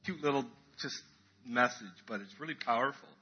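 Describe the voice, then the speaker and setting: A man's voice: mid-range voice, a little fast, highs cut off, soft background music. A man preaching a casual, chatty sermon in church, acting out crowd voices as he tells the story.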